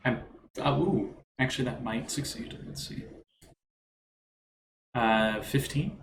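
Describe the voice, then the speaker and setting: A man's voice: mid-range voice, takes it slowly, gravelly. A man narrating as game master of a tabletop game, describing scenes in a loose, rambling way. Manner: relaxed, rambling description with fillers. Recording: echoey room with background noise.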